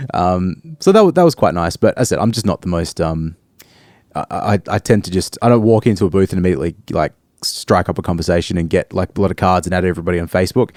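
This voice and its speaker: Thirties Australian man, low voice, dry sound, reserved co-host, halting with lots of ums. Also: darkish tone, no room sound. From Perth, Australia. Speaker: podcast co-host. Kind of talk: casual chat.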